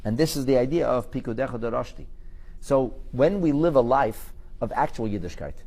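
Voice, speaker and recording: A man leads a live-streamed Torah class in a husky voice that rises and falls widely. He quotes Hebrew verses and explains them in an expressive, teacherly way. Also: mid-range voice, a little fast.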